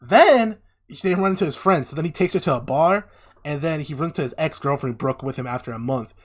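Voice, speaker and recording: Animated man recapping a show. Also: a little high, a little fast. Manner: animated recapping, acts out characters' lines. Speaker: podcast co-host. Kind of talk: casual podcast chat.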